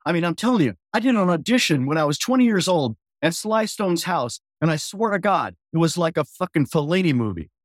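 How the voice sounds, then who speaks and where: A man in his sixties tells a story with animated energy, acting out other people's voices and humming bass riffs. His voice sits a little high for a man. The studio sound is close and dry. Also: brisk, hardly any pauses, no room sound. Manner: lively storyteller, acts out voices and hums bass lines. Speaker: podcast guest musician.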